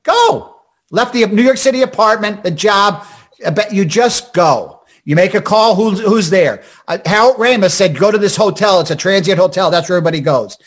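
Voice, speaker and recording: An older comedian from Scranton is spinning stories in a fast, animated way, often doing the voices of the people he quotes. His voice sits high for a man, and he keeps stumbling into restarts as he pushes ahead. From Scranton, Pennsylvania. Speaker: comedian and actor guest. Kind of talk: storytelling interview chat.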